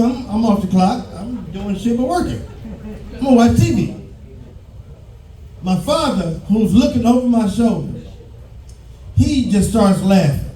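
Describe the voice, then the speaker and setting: A man in his fifties from Detroit, performing a loud, profane stand-up routine on a live stage, often shouting. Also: high-pitched, animated, measured pace, long pauses, echoey room, distant mic, slight background noise, rough recording. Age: 50s. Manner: loud, profane storytelling, breaks into shouts and laughter. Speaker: stand-up comedian. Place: live show stage with audience.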